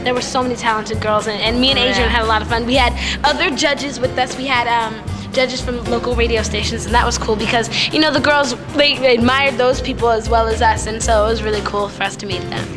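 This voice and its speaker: A woman's voice: fairly high pitch, fairly even intonation, fast talker, hardly any pauses. A woman guest talking chattily and enthusiastically in an interview. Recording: music behind.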